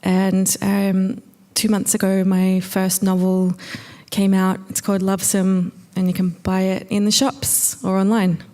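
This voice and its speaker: A woman's voice: medium pitch, completely flat delivery, a little slow, dark tone. An Australian woman reading a wry first-person story aloud on stage at a live storytelling night. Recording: long reverb of a venue hall.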